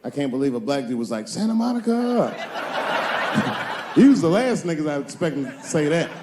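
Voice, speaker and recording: A man performing a stand-up comedy set, telling stories with animated delivery and acting out other people's voices. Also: fairly high pitch, fast talker, very noisy. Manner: animated storytelling, acts out characters' voices.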